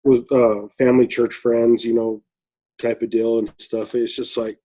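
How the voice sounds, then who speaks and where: A man's voice: mid-range voice, flat delivery, unhurried, dark tone. A middle-aged man from Flagstaff chatting casually as a listener guest, rambling with lots of fillers and little chuckles. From Flagstaff, Arizona. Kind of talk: casual chat.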